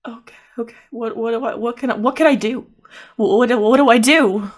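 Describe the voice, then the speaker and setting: A woman's voice: a little high, big pitch swings, slow pace, slightly rough, voice pushed up, heavily acted. A woman voicing a frantic, tearful young mother who stammers and repeats herself breathlessly. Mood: anxious.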